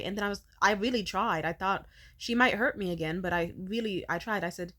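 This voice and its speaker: A woman in her twenties telling a personal story as a bitter, profane rant, with her voice swinging up and down as she gets animated. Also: brisk, few pauses. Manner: wide pitch swings when animated. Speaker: vlogger.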